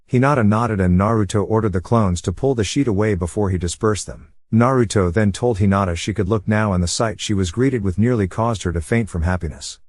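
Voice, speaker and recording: A man narrating a fan-fiction story in a plain, steady reading voice. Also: sits low, no room sound. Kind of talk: audiobook-style story reading.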